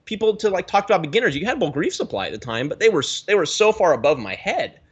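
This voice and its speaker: A man from the Pacific Northwest, a guest telling his story in a rambling, animated way with many restarts, on a video call. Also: high voice, fast talker, slightly rough. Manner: animated, rambling, self-correcting. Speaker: guest, aquarium YouTuber.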